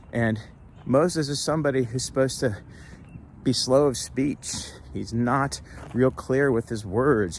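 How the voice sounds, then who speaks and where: A man's voice: lowish voice, darkish tone, slight background noise. A man who is a rabbi giving a casual, folksy video message. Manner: chatty, folksy, breaks into song.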